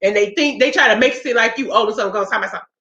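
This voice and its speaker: A woman, high-pitched and bright, talks casually to her viewers. She rants bluntly and profanely, with lively animation. The sound is roomy and dull, like a lo-fi home recording. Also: rapid-fire. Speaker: spiritual practitioner vlogger. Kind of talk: casual livestream chat.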